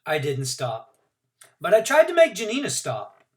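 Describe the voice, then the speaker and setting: Expressive teacher reading a novel aloud. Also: male voice, sits high, moderate pace. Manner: expressive first-person narration, varied pacing.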